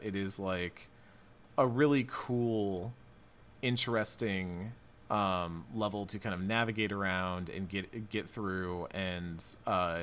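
A man hosting a casual podcast, recapping a video game in a relaxed, rambling way with lots of fillers. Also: low voice, slight background noise. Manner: relaxed, thinking aloud with many fillers.

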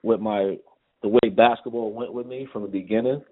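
A man's voice: fairly low pitch, fairly quick, very noisy. A middle-aged man with a New York accent, a guest telling stories in a casual interview and acting out the dialogue. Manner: animated, acts out dialogue in anecdotes. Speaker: guest, former basketball player. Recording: tinny phone-like line.

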